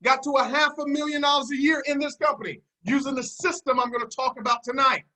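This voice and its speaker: A man's voice: very high-pitched, fairly even intonation, fast, pushed and bright, poor audio. A man leading a motivational business seminar, confident and preachy, with call-and-response and repeated key phrases. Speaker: network marketing team leader.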